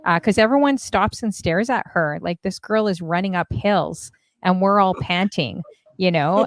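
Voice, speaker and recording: A woman from Canada hosting a casual panel chat over a video call, chatty and animated with quick asides. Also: mid-range voice, no echo. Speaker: host.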